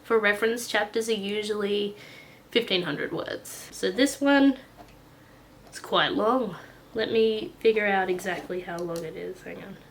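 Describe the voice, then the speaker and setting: A woman's voice: mid-range voice, measured pace. A woman casually reading her own story aloud, chatty and easily sidetracked.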